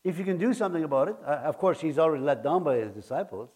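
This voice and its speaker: A man preaching a sermon, earnest and halting, often repeating his words. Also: fairly high pitch, expressive, a little mellow, breathy edge.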